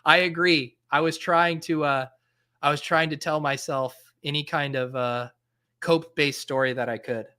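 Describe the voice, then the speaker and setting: A fantasy football podcast host in his thirties chats casually on a live stream, thinking out loud with plenty of fillers and restarts. His voice sits on the high side with fairly even intonation and a moderate pace, sounding bright, forceful, and smooth.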